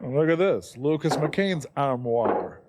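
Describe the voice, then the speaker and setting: A man's voice: medium pitch, sing-song, slow, noisy background. A man riffing on a movie with sarcastic wisecracks. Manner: quips, sarcastic asides. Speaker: movie riffer. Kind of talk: wisecracking commentary over a film. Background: film soundtrack music.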